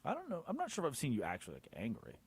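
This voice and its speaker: A man hosting a sports radio show in casual studio chat, animated and putting on a southern drawl for bits. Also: mid-range voice, rapid-fire, slightly rough, dry recording. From Arkansas.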